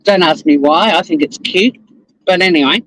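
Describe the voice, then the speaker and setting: A man's voice: sits high, moderate pace, fairly bright tone, slight background noise, poor audio. A man with an Australian accent hosting a casual live-stream chat from his car, greeting viewers by name and swearing now and then. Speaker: lawyer and live-stream host. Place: in a car, driving to work.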